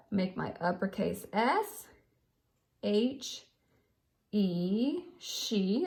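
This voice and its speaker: A woman's voice: mid-range voice, a bit bright. A woman teaching young children to write sentences, patient and sing-song, calling them friends. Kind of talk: children's writing lesson.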